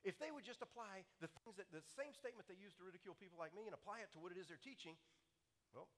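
A man's voice: high-pitched, very fast, fairly bright tone. A man giving a sermon-style talk in a large hall, telling a story with emphatic repetition. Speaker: speaker on creation.

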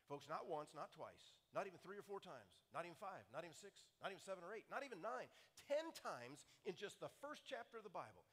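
Fast, lively man preaching in a hall. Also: high voice. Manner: animated storyteller, emphatic repetition. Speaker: speaker on creation. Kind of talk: sermon-style talk.

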